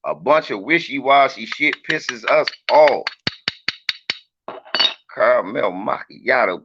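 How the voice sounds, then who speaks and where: Brash male streamer, joking and swearing, with a lively, bright voice on a dull lo-fi recording. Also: mid-range voice, unhurried, noisy background. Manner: brash, profane, joking, teasing viewers. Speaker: livestreamer talking to viewers. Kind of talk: casual livestream chat.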